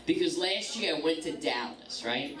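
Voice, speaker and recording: A woman's voice: low voice, lively intonation, normal speed, crowd noise. A woman, performing a bawdy stand-up comedy set with punchy timing. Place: comedy club stage. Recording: roomy club sound from a distance, loud audience.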